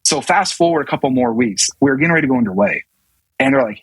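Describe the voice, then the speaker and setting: A man's voice: mid-range voice, lively intonation, fast, a bit bright, husky, no echo, low-quality recording. A man in his thirties, a navy command master chief and podcast guest, telling a story casually with many restarts and acted-out quotes. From US South.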